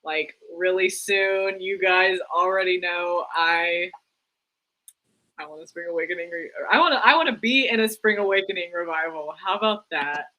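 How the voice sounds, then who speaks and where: A young woman co-hosting a live stream, chatting casually about theater news, full of "like" and quick laughs. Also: fairly low pitch, sharp tone, poor audio. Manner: chatty, lots of "like", laughs easily. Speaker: co-host.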